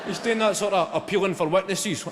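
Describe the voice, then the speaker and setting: Profane Glaswegian comedian on stage. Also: male voice, high voice, a little fast, very noisy. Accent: Glaswegian Scottish. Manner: profane, animated storytelling. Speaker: stand-up comedian. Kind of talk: stand-up routine. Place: live venue on stage. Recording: long hall reverb, loud ambience.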